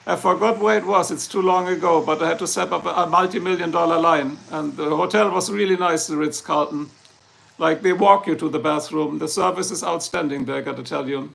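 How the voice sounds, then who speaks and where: A man's voice: a little high, steady tone, a little fast, vocal fry, fairly bright tone. A man from Germany with a German accent, hosting a casual livestream and chatting to viewers in a rambling, jokey way. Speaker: livestream host. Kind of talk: casual livestream chat answering viewer comments.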